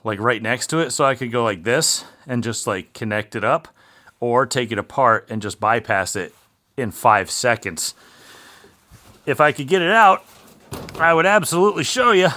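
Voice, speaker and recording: A man's voice: mid-range voice, sharp tone, dry recording. Chatty man rambling in his garage. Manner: chatty, rambling, amused storytelling. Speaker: garage vlog host. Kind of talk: casual chat while working on a race car. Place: home garage.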